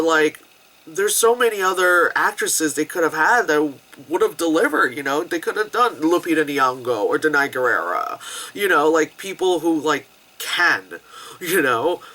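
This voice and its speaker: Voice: medium pitch, pushed and bright. A film reviewer in their thirties ranting casually about movies, chatty and swearing, with lots of fillers. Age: 30s. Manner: chatty, swears, full of fillers and bits of mock voices. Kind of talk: casual rant-style review.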